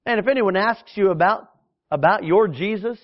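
A man's voice: sits high, moderate pace, dull audio. A man, a pastor, preaching a sermon in an emphatic style, with frequent fillers and restarts.

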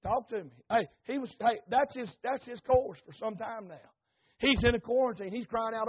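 A man preaching an impassioned sermon, repeating phrases, asking the congregation questions and rising to shouts. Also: extremely high pitch, moderate pace, husky. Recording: tinny phone-like recording.

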